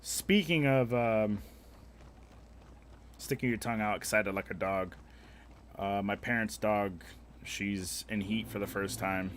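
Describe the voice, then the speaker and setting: A young man streams live, bantering with chat in a crude, profane, joking way. His voice sits on the low side. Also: slow pace, long pauses, a little hiss or hum.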